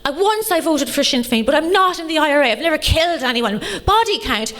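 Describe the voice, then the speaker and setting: An Irish woman in her late thirties performing a bawdy stand-up set with deadpan punchlines, teasing the crowd. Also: sits high, fast. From Ireland. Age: late 30s. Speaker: stand-up comedian. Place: comedy club stage before a live audience.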